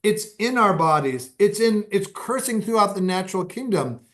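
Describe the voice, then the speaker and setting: A man's voice: sits high, lively intonation, moderate pace, fairly bright tone. A middle-aged man speaking as a guest in an interview, telling stories in a reflective, rambling way with many fillers. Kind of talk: casual storytelling in an interview.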